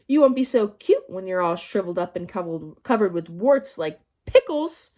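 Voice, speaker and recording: A woman voicing a temperamental female schoolteacher in a children's audiobook, high and sharp, swinging from snapping to sweetly apologetic. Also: very animated, moderate pace. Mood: menacing. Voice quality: high, sharp and shouty when angry.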